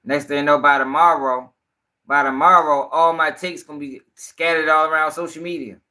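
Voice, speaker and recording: A man's voice: on the high side, fairly even intonation, moderate pace, sharp tone. A young man giving rambling, profane casual commentary on a livestream.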